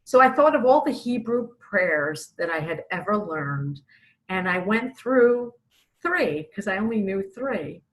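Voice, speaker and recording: In a sing-song, mid-range voice, a little slow, a middle-aged Brooklyn woman gives her personal testimony of faith. She's an author, telling it earnestly and acting out her pleas, and the recording is rough.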